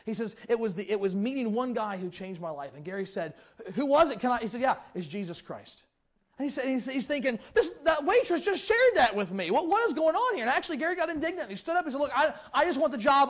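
High-voiced fast-talking preacher. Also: male voice. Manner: animated, acts out quoted voices. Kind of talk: sermon storytelling.

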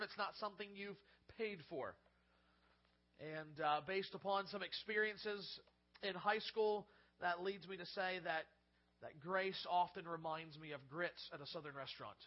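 Male preacher, high-pitched, dynamic from booming to near-whisper, muffled church recording. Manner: swings from loud emphatic peaks to soft hushed lows; repeats words at starts of phrases. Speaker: pastor. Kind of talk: sermon.

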